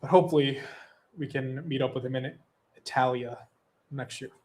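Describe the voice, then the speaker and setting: A man's voice: mid-range voice, moderate pace, darkish tone. Rambling young male livestream host. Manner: rambling, swears casually, reads super chats. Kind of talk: casual livestream chat.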